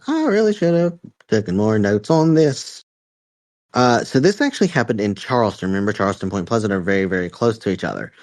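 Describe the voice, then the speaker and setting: A man's voice: fairly low pitch, no room sound. A man from West Virginia, telling a story casually on a podcast in a rambling, profane way with lots of fillers. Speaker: podcast host.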